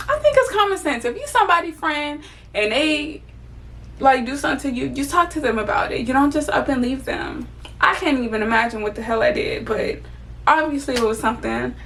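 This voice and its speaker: A woman's voice: high-pitched, a bit bright, far from the mic. A young woman venting candidly and casually to her viewers as she does her makeup, swearing freely. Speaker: vlogger. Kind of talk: casual get-ready-with-me venting.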